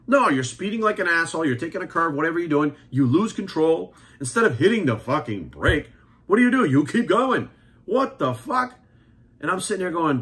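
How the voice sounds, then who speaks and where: A heated, foul-mouthed man in his forties rants at a fast clip. His voice sits a little high for a man, and he keeps hammering the same points bluntly. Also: big pitch swings, fairly bright tone. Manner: blunt, heated, swears constantly, repeats points. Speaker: fitness coach and commentator. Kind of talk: profane opinion rant to camera.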